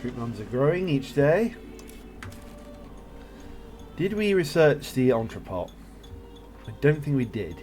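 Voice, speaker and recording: A man's voice: mid-range voice, big pitch swings, a little slow, pauses often, a little mellow, soft background music. A man casually commentating his own strategy game play as he thinks aloud, with jokey asides. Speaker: gameplay streamer. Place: home setup, recorded live on a voice chat.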